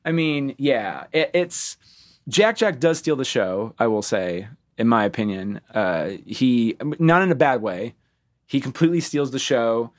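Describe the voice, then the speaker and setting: A man hosting a casual podcast chat about a film, animated and swearing freely, often acting out lines from the movie. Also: mid-range voice, a little slow. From Ohio, US. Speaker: podcast host.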